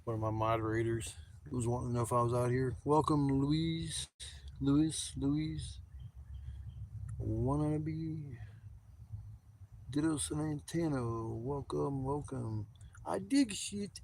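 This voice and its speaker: A man's voice: mid-range voice, steady tone, takes it slowly, creaky, long pauses, darkish tone, a little hiss or hum. Profane rambling man at a campsite. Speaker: camping vlogger. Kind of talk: casual livestream chat. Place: outdoors at a campsite. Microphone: handheld camera on a gimbal.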